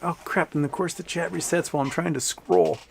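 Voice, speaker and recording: A man's voice: fairly high pitch, steady tone, brisk, creaky, slight background noise. Man, middle-aged, live-stream host at a home desk mic, loose rambling chat, laughs a lot. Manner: rambling, reading chat aloud, laughs often. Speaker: livestream host.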